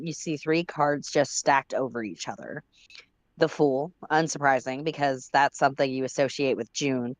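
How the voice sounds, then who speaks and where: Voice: mid-range voice, no echo. Chatty livestream story reader, dry sound. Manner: reads in second person, breaks off to laugh and swear. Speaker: livestream co-host reading a fan story. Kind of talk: casual read-aloud narration with chatty asides.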